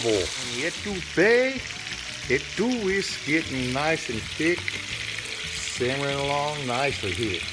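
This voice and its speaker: A man's voice: fairly high pitch, very noisy, pitched above the performer's own voice. A man voicing a jolly man with a bayou drawl, exaggerated and whooping.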